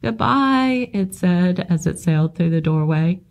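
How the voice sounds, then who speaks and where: A woman on library staff reading a children's novel aloud in a steady, measured narration. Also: low voice.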